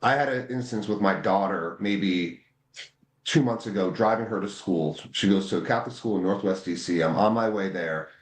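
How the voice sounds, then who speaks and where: A man's voice: deep voice, normal speed, roomy sound. A man speaking as a guest in a political interview, impassioned, repeating words when he gets heated. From United States. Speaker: guest, voting rights advocate.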